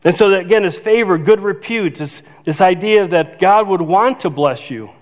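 A man's voice: high-pitched, moderate pace. An older man preaching a sermon as pastor, conversational and self-joking, laughing at his own remarks. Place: church sanctuary. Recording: dull reverberant church hall.

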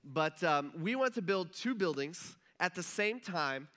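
Preaching in the church auditorium at a measured pace, a pastor with a bright, forceful, slightly high male voice keeps things relaxed and conversational. He drifts into casual dialogue while retelling a story during the sermon.

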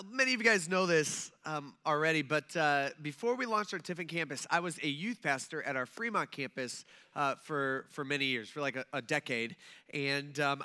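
A man in his thirties preaches by telling a story, casual and self-deprecating, filling pauses with "um" and "like". His voice sits a little high, bright and crisp, and it stays smooth and clear throughout. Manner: chatty, filler-heavy, self-deprecating. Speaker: pastor. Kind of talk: conversational sermon storytelling.

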